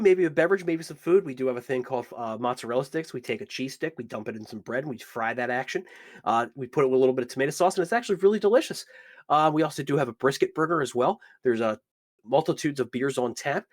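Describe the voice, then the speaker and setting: A man's voice: medium pitch, fast, natural voice. A man voicing an eager male tavern bartender who rambles through the menu with lots of fillers. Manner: upbeat salesy, rambling with fillers.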